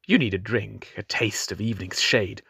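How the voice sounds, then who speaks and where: A man voicing a mocking, cruel male pirate king who taunts slowly and slyly, with sudden high mocking lifts. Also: vocal fry, fairly bright tone, husky, dry recording, clean studio sound, heavily acted. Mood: taunting.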